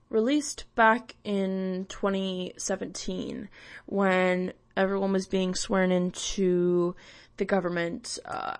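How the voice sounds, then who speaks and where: A woman hosting a vlog, ranting casually in a rambling, profane, self-mocking way with many fillers. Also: medium pitch. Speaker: vlog host.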